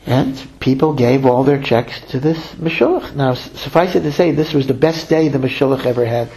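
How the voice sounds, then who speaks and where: A man giving a storytelling sermon, lively, slowing to stress key lines and acting out the voices he quotes. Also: mid-range voice, vocal fry, low-quality recording. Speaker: rabbi.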